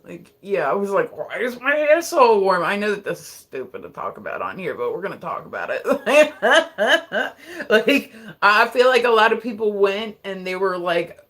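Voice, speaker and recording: This young adult livestreamer from Delaware chats casually with a live audience, stacking up fillers and laughing a lot. The voice is middle-pitched and otherwise unremarkable, though it swings widely in pitch, moves at normal speed, and has a sharp tone.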